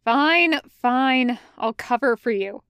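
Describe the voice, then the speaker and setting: A woman's voice: a little high, expressive, takes it slowly, fairly bright tone, smooth, dry recording, clean studio sound, heavily acted. A woman reading the lines of a grumbling, sarcastic young male cadet in a podfic.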